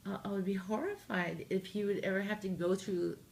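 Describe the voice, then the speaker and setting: Gravelly-voiced woman telling a funny story. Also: medium pitch, a little fast, slight background noise. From Canada. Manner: animated, jokey, acts out her own lines. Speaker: interview guest, singer-songwriter. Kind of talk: casual storytelling interview.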